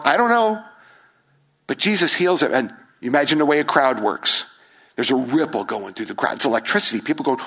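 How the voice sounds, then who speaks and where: A male pastor preaching a sermon, animated, asking the congregation rhetorical questions and acting out crowd voices. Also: fairly high pitch, brisk.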